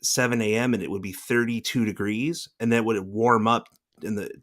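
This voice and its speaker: A man's voice: lowish voice, a little fast. Rambling male podcast host telling stories. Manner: rambling storyteller, lively quoted voices. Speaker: podcast host, former celebrity news producer. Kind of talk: casual chat.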